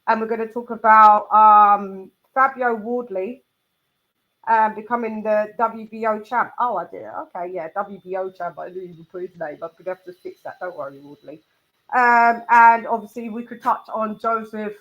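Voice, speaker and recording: A woman's voice: mid-range voice, moderate pace, a bit bright, dull audio. A woman hosting a casual boxing chat livestream, bantering and laughing as she talks. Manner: chatty, laughing, swearing banter. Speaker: host.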